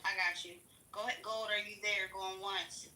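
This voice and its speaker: A woman moderating a live online discussion room, briskly managing the speaker queue. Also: medium pitch, fairly even intonation, bright, forceful tone, roomy sound, recorded from a distance, poor audio.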